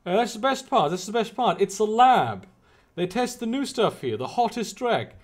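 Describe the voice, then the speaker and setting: Slick, pushy chip dealer in a game, lively high patter, read by a man. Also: normal speed. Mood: salesy. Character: pushy street dealer man hawking chips.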